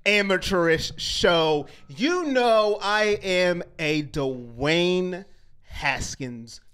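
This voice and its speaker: A man co-hosting a casual fan chat show, animated and mocking, at times rising to near shouts. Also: high-pitched, extremely slow, clear, resonant tone. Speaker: co-host.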